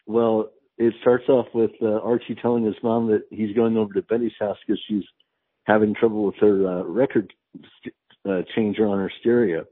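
A man's voice: on the low side, little pitch movement, moderate pace, dry recording. A man co-hosting a podcast, retelling a comic story in a laid-back, easygoing way. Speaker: podcast co-host. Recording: tinny phone-like line, dry.

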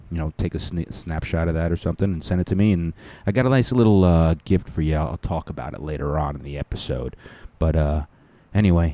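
A young man rambles through a crude comedy podcast monologue, stumbling over fillers and restarts. His voice is deep and mellow, and the recording is dry and close. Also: no echo.

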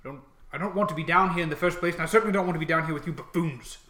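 A man's voice: on the high side, very fast, sharp tone, pitched above the performer's own voice. Irritable orc mage, done by a man: disdainful, clipped, echoey. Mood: exasperated. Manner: snappish, disdainful.

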